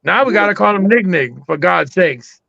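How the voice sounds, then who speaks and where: A man co-hosting a casual chat, animated and playful, swearing freely. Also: high-pitched, moderate pace, creaky, dry recording, muffled recording. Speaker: co-host.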